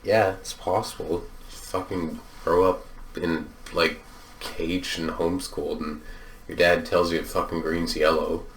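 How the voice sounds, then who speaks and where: Very deep-voiced man in a roomy space. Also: level tone, unhurried, distant mic. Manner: dry, musing, swears casually. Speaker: podcast co-host. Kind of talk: casual chat.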